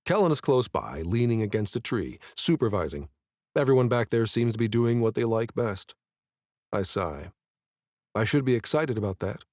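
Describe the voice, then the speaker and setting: Guy narrating a romance audiobook, mid pitch, measured, super dry booth sound. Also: a little mellow, no echo. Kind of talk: first-person romance narration.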